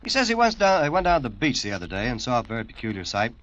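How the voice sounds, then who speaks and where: A man's voice: medium pitch, big pitch swings, racing, a bit bright. Folksy 1950s radio disc jockey, man. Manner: chatty, folksy storytelling. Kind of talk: morning radio patter and story reading. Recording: dull 1950s radio aircheck.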